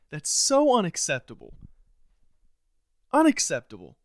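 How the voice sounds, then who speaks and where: A man hosting a podcast, delivering a frustrated, sarcastic solo rant with sudden leaps up in pitch and loudness. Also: sing-song, slow pace, dry recording, studio quality. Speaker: podcast host.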